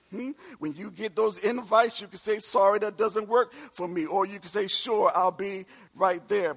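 A man in his forties preaching a sermon, calling out to the congregation and swinging from soft asides to shouted lines. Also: high voice. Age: 40s. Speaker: pastor.

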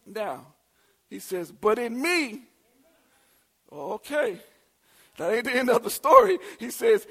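A preacher with a very high, husky voice delivers a sermon to his congregation. He calls out to the room and builds his points into shouted, repeated refrains. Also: sing-song, takes it slowly.

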